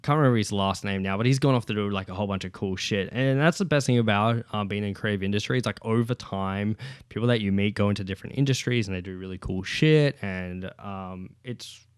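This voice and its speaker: A man's voice: fairly low pitch, a little fast, clear, resonant tone, no echo, studio quality. A man hosting a casual solo podcast from home, rambling, swearing freely and using lots of fillers. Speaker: podcast host. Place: at home with his child nearby. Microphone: podcast microphone.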